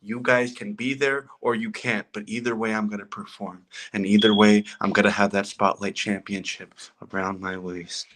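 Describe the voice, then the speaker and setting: A man's voice: fairly low pitch, flat delivery, normal speed, hardly any pauses, fairly bright tone, a little hiss or hum, poor audio. A man from Oaxaca, Mexico, a wrestler cutting a brash, boastful wrestling promo on a livestream chat. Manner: boastful, brash trash talk.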